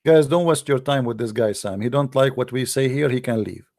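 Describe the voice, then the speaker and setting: A man's voice: mid-range voice, a little fast, darkish tone. A man lecturing combatively in a livestream, mocking and scolding his opponents in non-native English. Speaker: religious debater.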